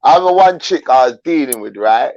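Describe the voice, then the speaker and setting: A man's voice: medium pitch, lively intonation, fast, darkish tone, no room sound, dull audio. A man bluntly telling slangy stories in a casual live chat.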